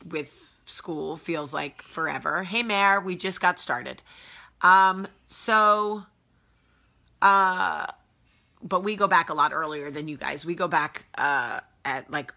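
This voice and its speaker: Bright-voiced chatty woman host in her forties. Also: low-pitched, creaky. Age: 40s. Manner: chatty, greets viewers by name. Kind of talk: casual morning live chat. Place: home.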